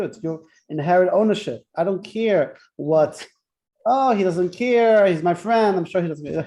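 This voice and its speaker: A man's voice: on the high side, mellow. A man teaching a Torah class in a chatty, interactive way, telling jokes and often checking in with "right?". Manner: chatty, keeps asking "right?", tells jokes.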